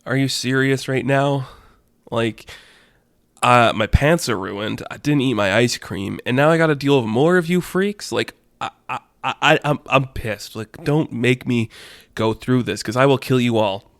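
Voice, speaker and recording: A man's voice: mid-range voice, measured pace, fairly bright tone, no room sound. A fed-up schoolboy hero with a short fuse, snapping out exasperated threats, as a man acts him out. The voice stays close to an everyday male voice, recorded dry.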